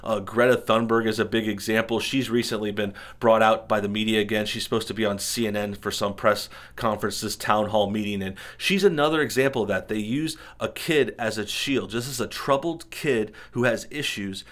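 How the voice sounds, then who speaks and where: A man's voice: fairly low pitch, fairly quick, few pauses, fairly bright tone. A man hosting an opinionated commentary show, talking indignantly in a string of rhetorical questions. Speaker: political commentary host. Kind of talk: opinionated commentary over news clips.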